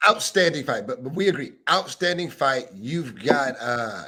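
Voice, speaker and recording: Young male co-host, mid-pitched, quick bantering fight-pick chat. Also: lively intonation, crowd noise. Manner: quick banter with casual swearing, picks fights. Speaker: podcast co-host. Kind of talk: casual sports chat.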